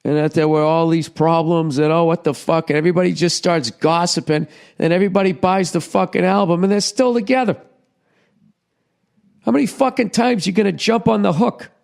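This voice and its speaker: A man's voice: high voice, steady tone, brisk, creaky, darkish tone. A middle-aged man hosting a podcast, ranting sarcastically through a profane comedic monologue. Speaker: podcast host.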